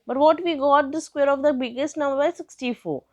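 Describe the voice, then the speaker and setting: A woman's voice: high-pitched, brisk, no room sound, highs cut off. A young woman teaching a maths lesson step by step, asking questions and answering them herself. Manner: patient, asks questions then answers them.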